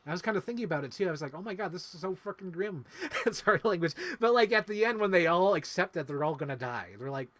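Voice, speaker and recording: A man's voice: fairly high pitch, a bit bright. A man co-hosting a film review talk show, chatting casually and emotionally with lots of fillers. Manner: rambling, emotional, many fillers. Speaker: podcast co-host. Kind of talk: casual movie review chat.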